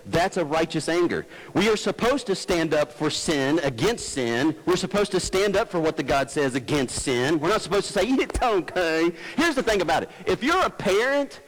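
A man's voice: a little high, poor audio. A male pastor preaching a sermon in an earnest, folksy way, climbing to emphatic peaks and then easing into personal stories.

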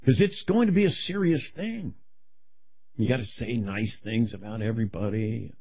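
A middle-aged man taking questions as a guest, rambling in a self-deprecating, animated way. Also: lowish voice, normal speed, no room sound. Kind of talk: casual rambling chat.

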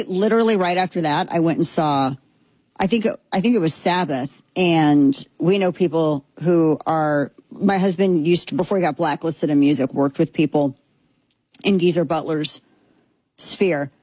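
A low, slightly rough female voice with no room sound belongs to a Texan commentary host in her thirties. On her casual opinion show she's animated and sarcastic, repeating herself for effect, and she uses a headphone mic.

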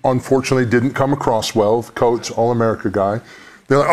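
A man's voice: mid-range voice, steady tone, fast talker, darkish tone. A middle-aged man joking on a talk-show panel, often acting out quotes in silly voices. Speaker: panel guest. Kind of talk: lively panel banter.

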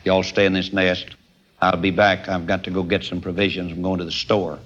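A preacher voicing a wise mother eagle in a sermon story, with a husky tone. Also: low-pitched, flat delivery, brisk, fairly bright tone, lo-fi sound, pitched below the performer's own voice. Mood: hushed.

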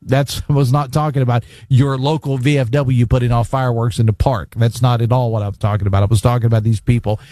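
A man's voice: medium pitch, flat delivery, quick pace, hardly any pauses, mellow, no echo. A man hosting a casual talk radio show, chatting and reading listener texts in a studio. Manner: chatty, conversational, laughs easily. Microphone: studio microphone.

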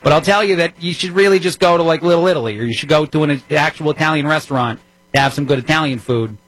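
A man's voice: on the high side, fast talker, fairly bright tone, poor audio. A man from New Jersey with a New Jersey accent, filling in as a political talk radio host, talking in a wry, conversational way with frequent fillers.

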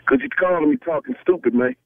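An indignant man who keeps breaking into laughter, with a high voice that leaps up and down. He comes through a tinny phone line with faint hiss behind him. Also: quick pace, creaky, no room sound. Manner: indignant, laughing in disbelief, lively. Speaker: prank call target.

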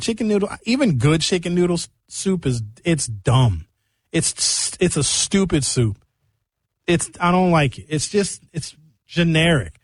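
A man hosting a radio show in casual chat, talking in animated, rambling comic riffs from a studio microphone. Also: fairly high pitch, no echo.

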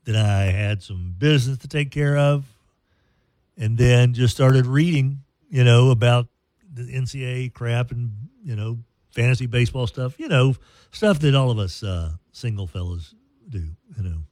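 Male radio host, mid pitch, casual rambling banter, dry studio mic. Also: moderate pace, darkish tone, no room sound. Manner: rambling, self-deprecating, jokey. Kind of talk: casual sports radio chat.

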